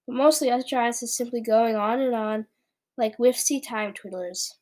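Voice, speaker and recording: A woman reading aloud from a children's book, giving voice to a very old, kindly male giant with a playful, drawn-out delivery. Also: on the high side, darkish tone, close to an everyday voice. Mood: gentle.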